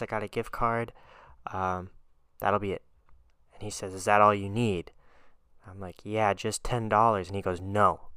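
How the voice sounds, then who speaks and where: A man hosts his podcast solo, telling everyday stories in a chatty, animated way with frequent laughs. His voice sits low, smooth and resonant, recorded close and dry with no room sound. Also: no room sound. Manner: chatty, animated storyteller who laughs often. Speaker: podcast host. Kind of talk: casual storytelling monologue.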